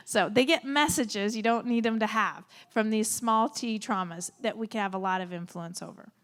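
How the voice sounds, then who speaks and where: A middle-aged woman and former therapist giving an animated, laugh-filled talk to a moms' group. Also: fairly high pitch, normal speed. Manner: animated, acts out reactions, laughs often.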